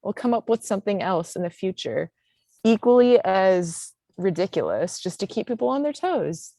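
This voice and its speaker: A woman's voice: medium pitch, sing-song, moderate pace, warm tone, dry recording. A woman on a marathon team, talking in a playful, emphatic way during a casual panel Q&A.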